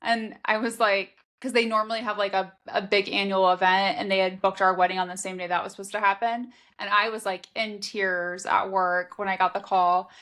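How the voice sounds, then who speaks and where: A woman's voice: mid-range voice, level tone, brisk, hardly any pauses, fairly bright tone. A woman in her thirties co-hosting a podcast, chatting casually and telling personal stories with lots of "like.". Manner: chatty storyteller, frequent "like" fillers. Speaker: podcast co-host. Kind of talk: casual chat.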